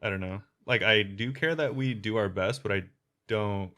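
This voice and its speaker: Brief: young male co-host, lowish voice, blunt and self-assured, rambles a bit. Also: normal speed, pushed and bright. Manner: forward, direct and confident, rambling with restarts. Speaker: podcast co-host. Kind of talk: casual chat.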